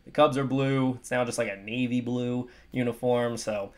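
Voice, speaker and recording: A young man giving casual, opinionated sports commentary, animated with emphatic swings in his delivery. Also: mid-range voice, moderate pace.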